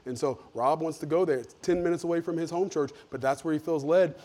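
A middle-aged man, a pastor preaching a sermon, telling stories in a folksy way with lively swings in loudness. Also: fairly high pitch, fast talker.

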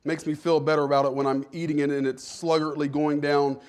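A man's voice: on the high side, little pitch movement, brisk, darkish tone. A male pastor giving a sermon with humorous, self-deprecating stories.

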